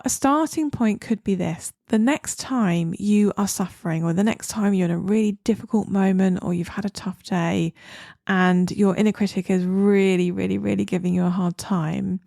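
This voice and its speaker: Aussie lady psychologist, soothing podcast advice, a bit of fry, slips into a whisper now and then. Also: medium pitch, no room sound, clean studio sound. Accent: Australian. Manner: calm, soothing, slows down and drops to a whisper on key words.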